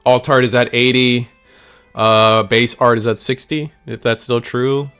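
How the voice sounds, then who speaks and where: A young man calls a card game live in a loose, rambling way, full of slang and asides to his viewers. His voice sits at an everyday middle pitch. Soft music plays quietly behind him. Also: flat delivery, unhurried, clear, resonant tone. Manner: rambling and slangy, talks to chat. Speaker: stream host and commentator.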